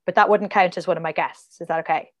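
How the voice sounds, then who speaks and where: A woman's voice: fairly low pitch, steady tone, quick pace, lo-fi sound. A woman guest on a casual podcast, chatty and rambling, full of "like" and side tangents.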